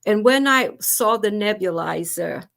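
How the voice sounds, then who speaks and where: A woman's voice: medium pitch, lively intonation, measured pace, vocal fry, fairly bright tone. A woman hosting a conversation about grief, telling her own story in an earnest, emotional way. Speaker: host.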